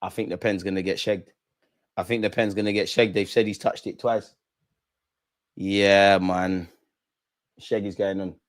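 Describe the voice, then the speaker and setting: A young man hosting a live football watch-along, chatting in street slang and shouting when goals go in. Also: low-pitched, little pitch movement, measured pace, pauses often.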